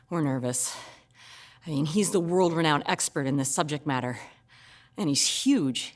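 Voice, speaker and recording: A woman in her forties from Illinois, telling a personal story in an animated, comic and expressive way. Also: lowish voice.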